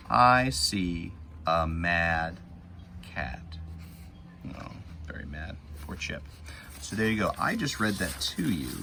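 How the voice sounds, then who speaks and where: Slow, gravelly low-voiced male teacher. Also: sharp tone, slight background noise. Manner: slow, patient, emphatic word-by-word reading. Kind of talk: guided reading lesson for young children.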